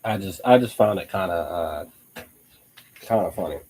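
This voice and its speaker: Husky-voiced young man chatting casually. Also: sits low, normal speed, darkish tone, low-quality recording. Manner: rambling, laughs often, frequent restarts. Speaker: host of a live online show. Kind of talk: casual live-stream chat.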